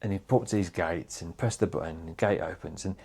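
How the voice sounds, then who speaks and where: A man, a chef, telling stories in a casual chat, animated and swearing freely, calling people "mate". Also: low voice, brisk, vocal fry, breathy edge. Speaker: chef guest.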